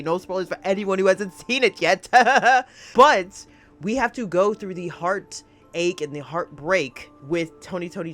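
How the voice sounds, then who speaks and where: Brief: emotional female reaction host, gushing and giggly, very lively pitch. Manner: gushing and giggly, laughs often. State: emotional, close to tears. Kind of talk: excited reaction commentary.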